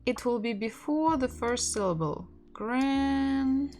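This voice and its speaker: A woman's voice: medium pitch, animated, slow, faint music behind. A woman teaching a language lesson in English, explaining patiently with restarts and little laughs. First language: Russian.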